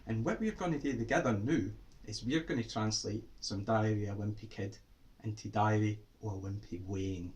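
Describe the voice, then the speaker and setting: A man with a Scottish accent giving a playful lesson to children, with animated, exaggerated exclamations. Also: on the low side, normal speed. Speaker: writer teaching children.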